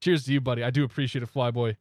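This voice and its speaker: A man streaming a flight simulator, chatting casually and in a relaxed way with viewers, often chuckling. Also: medium pitch, very fast, dry recording, clean studio sound. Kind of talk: casual live-stream chat.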